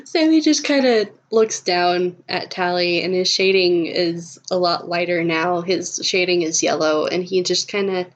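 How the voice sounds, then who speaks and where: A woman with a lowish voice narrates her character in a casual tabletop roleplay, sounding hesitant and full of fillers. She speaks at a measured pace with hardly any pauses, on a dull lo-fi recording.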